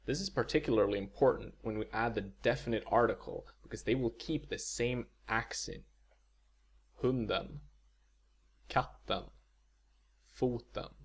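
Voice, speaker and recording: A man giving a video lecture as a language teacher, explaining slowly and measuredly, with spoken example words. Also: medium pitch, breathy edge.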